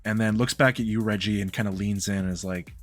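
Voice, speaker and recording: A man's voice: lowish voice, steady tone, fast. Man narrating as game master for a tabletop role-playing game. He moves between loose explanations full of fillers and scene narration. Faint music plays behind him.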